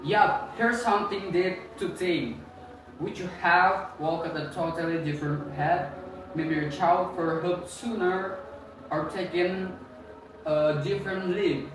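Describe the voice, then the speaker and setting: A man's voice: high-pitched, steady tone, takes it slowly. A young man co-hosting a student book podcast, reading a casual script with small slips. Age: young adult. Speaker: podcast co-host. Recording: echoey room, far-off mic, faint noise.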